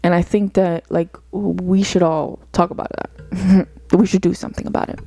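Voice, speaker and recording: Earnest young woman, mellow and dry. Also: on the low side, flat delivery, normal speed, gravelly, slightly rough, no room sound. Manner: earnest, rambling, uses many fillers like "like" and "you know". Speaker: podcast host. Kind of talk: reflective solo podcast monologue.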